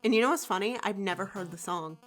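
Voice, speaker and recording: A woman's voice: medium pitch, quick pace, a bit bright, soft background music, rough recording. A young woman co-hosting a gaming video, chatting casually and acting out little stories. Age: young adult. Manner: chatty storyteller, acts out quotes with laughs. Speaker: co-host of a gameplay channel.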